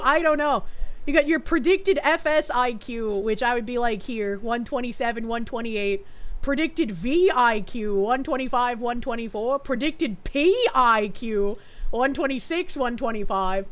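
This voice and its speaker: An American woman streaming casually, reacting excitably, swearing and laughing often. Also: a little high, measured pace. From United States.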